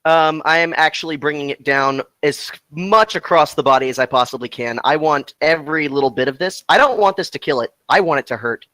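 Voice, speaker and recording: A man playing a tabletop game, deliberately describing what his character does. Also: fairly high pitch, sharp tone, no room sound, low-quality recording. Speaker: player.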